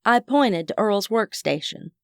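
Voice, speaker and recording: A woman's voice: medium pitch, animated, measured pace, gravelly, smooth, no room sound, clean studio sound. A woman narrating a first-person audiobook in a wry, chatty manner.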